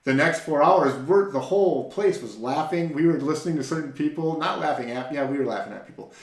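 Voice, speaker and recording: A man's voice: a little high, fairly quick. A man co-hosting a casual faith-based talk, telling a story with energy and often restarting his sentences. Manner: animated storytelling, repeats words when starting a thought. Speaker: podcast co-host. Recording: echoey room.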